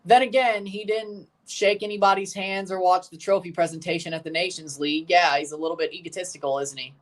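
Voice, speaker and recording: A man's high-pitched, slightly bright voice keeps a steady tone at a quick pace as he streams his take on a live football match. He chats, calls out plays as they happen, replies to viewers, and gets nervous late.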